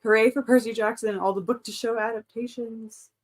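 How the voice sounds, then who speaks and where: A woman's voice: fairly high pitch, fairly even intonation, a little fast. A woman in her thirties hosting a casual live stream from home, chatting and reading out chat comments. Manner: chatty, reads out chat comments, frequent laughs. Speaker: livestream host.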